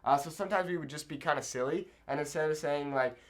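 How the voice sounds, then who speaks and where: A man's voice: a little high, fast talker. A man teaching a Spanish lesson at a whiteboard, explaining patiently and checking in with "okay?" after each point. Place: room with a whiteboard.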